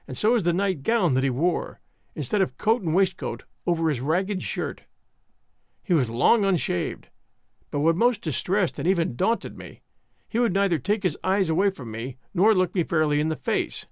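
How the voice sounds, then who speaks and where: A man narrating an audiobook at a measured pace in scripted storytelling. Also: on the high side, big pitch swings, vocal fry, dry recording, clean studio sound. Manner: measured storytelling, voicing the characters.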